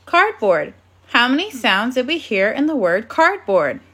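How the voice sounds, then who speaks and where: A woman teaching a phonics and grammar lesson to young children, speaking slowly and carefully in an encouraging classroom manner. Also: on the high side, big pitch swings, fairly bright tone, slightly rough.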